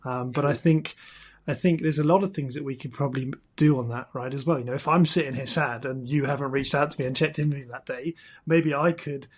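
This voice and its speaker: A man's voice: mid-range voice, steady tone, a little fast. A man co-hosting a podcast, sharing personal experiences candidly with a hesitant, searching way of talking. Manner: candid, hesitant, many fillers and restarts. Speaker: podcast co-host. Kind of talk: casual podcast conversation.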